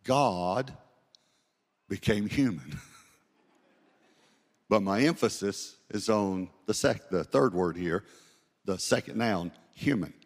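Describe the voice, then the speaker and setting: A male pastor preaching a sermon, telling a story with quoted dialogue and slowing down to read scripture aloud. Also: on the low side, gravelly. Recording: long hall reverb.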